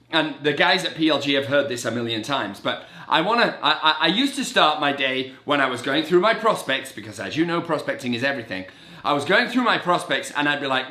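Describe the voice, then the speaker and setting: A middle-aged man, a real estate agent, giving an animated, very caffeinated motivational talk and acting out his inner voice in quick asides. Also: on the high side. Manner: animated and energetic, self-described as very caffeinated. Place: indoor room with a blackboard on the wall. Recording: roomy echo.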